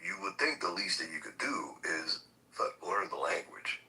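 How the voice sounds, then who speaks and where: A man's voice: low-pitched, very animated, normal speed, bright, forceful tone, recorded from a distance, poor audio. A man hosting a political talk podcast, ranting in a heated, profane and emphatic way. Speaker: podcast host.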